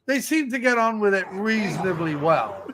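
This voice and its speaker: A middle-aged man co-hosting a casual movie watch-along, joking in an animated, sardonic way. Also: high voice, normal speed, a crowd in the background. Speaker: co-host.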